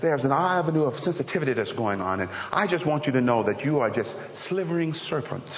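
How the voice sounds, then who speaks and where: A man putting on a timid, overly polite male preacher who talks softly and hesitantly, with a lot of "well, well" and "uh". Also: medium pitch, animated, brisk, heavy background noise, pitched below the performer's own voice, lightly acted. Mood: mock-gentle. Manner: soft, hesitant, stammering "well, well" and "uh". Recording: echoey hall, dull lo-fi sound.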